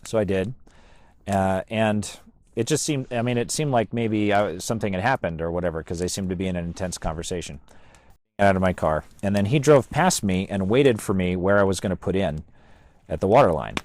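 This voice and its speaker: A man casually telling a story about his outdoor research, halting and full of "uh" and "you know". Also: low-pitched, a little mellow, no room sound. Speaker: bigfoot researcher vlogger.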